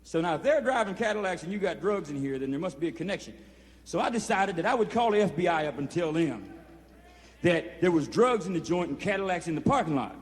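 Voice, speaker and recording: A man's voice: high voice, lively intonation, fast talker. A man telling a rambling, profane story to a room of inmates, drawling and peppering every phrase with "you know", recorded for a 1970s film. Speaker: performer addressing inmates. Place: prison hall. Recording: reverberant hall, 1970s film sound.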